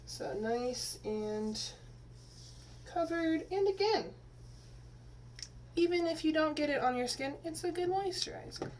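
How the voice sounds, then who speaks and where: A woman's voice: sits high, animated, measured pace, long pauses, darkish tone. A woman from Texas, a teacher, casually talking through a hair-dye tutorial in a rambling way with lots of fillers. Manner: chatty, rambling, many fillers and restarts. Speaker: teacher and vlogger. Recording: slightly distant mic, faint room noise.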